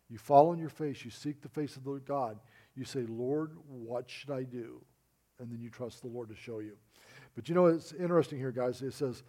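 A man's voice: medium pitch, dark tone. A man preaching a sermon, reading scripture and telling stories with quoted dialogue. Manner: earnest storytelling, quoting others in dialogue.

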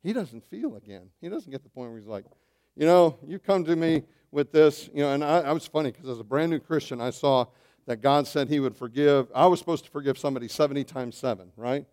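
A man preaching a sermon as pastor, animated, swinging between loud bursts and hushed asides, calling his listeners saints. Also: medium pitch, fast. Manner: addresses listeners as saints, asks questions.

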